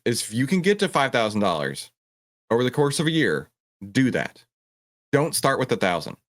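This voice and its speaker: A man hosting a livestream Q&A, talking with passion and acting out voices of other people. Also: medium pitch. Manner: passionate, animated, mimics a panicking trader. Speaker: host answering viewer questions. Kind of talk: livestream Q&A on stock trading.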